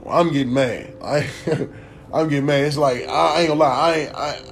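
A young man rants casually to his viewers, profane and rambling, swinging between mutters and loud bursts. His voice sits a little high for a man. Faint music plays behind him. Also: fairly even intonation, fairly quick, creaky. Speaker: vlogger. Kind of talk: casual rant to camera.

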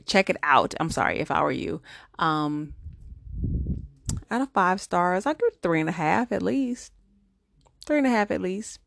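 A woman's voice: fairly low pitch, no room sound, clean studio sound. A middle-aged woman, chatting casually to viewers in a movie review vlog, with lots of fillers.

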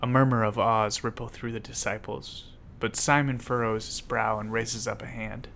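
A man's voice: lowish voice, steady tone, moderate pace, hardly any pauses, a bit bright, a little hiss or hum. A man giving scripted, vivid dramatic narration as a storyteller.

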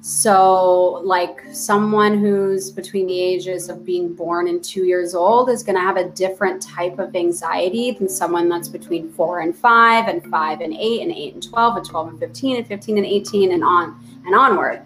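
A woman's voice: lowish voice, moderate pace, hardly any pauses, fairly bright tone. Woman therapist around thirty, casual podcast guest, chatty, fillers and restarts, faint music behind.

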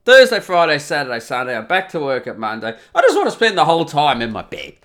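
A man's voice: fairly high pitch, quick pace. A middle-aged man ranting profanely through a comic podcast monologue. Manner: sweary, ranting, animated. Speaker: podcast host.

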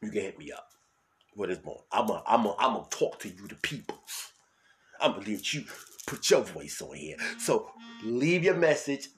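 A man with a New York accent hosting his own solo podcast, talking loud and hyped, then dropping to a mutter. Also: fairly low pitch, animated, normal speed, faint music behind. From New York City. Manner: loud, hyped, swings between shouting and mumbling. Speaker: podcast host.

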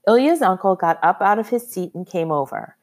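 A woman narrating a historical story in the first person, expressive and measured. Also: mid-range voice. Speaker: audiobook narrator.

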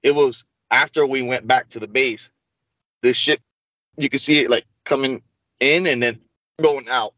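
A man's voice: medium pitch, a little slow, long pauses, no echo, dull audio. A man telling an interview host a long personal story in casual speech, acting out the dialogue. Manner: animated, acts out quoted dialogue. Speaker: interview guest.

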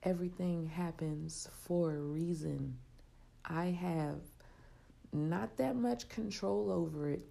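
Raspy, low-voiced woman podcast host. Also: takes it slowly. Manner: soft, reflective and heartfelt, with frequent laughs. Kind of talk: casual solo podcast talk. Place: open, spacious area away from her usual recording spot.

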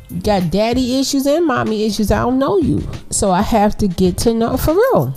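A woman from New York hosting a podcast, giving animated, preachy relationship advice in casual slang straight to her listeners. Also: mid-range voice, normal speed, faint music behind. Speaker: podcast host.

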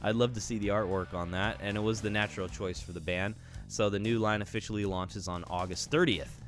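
A man's voice: lowish voice, fairly quick. Easygoing man reading music news. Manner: relaxed, easygoing, jokey. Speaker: co-host of a music news show.

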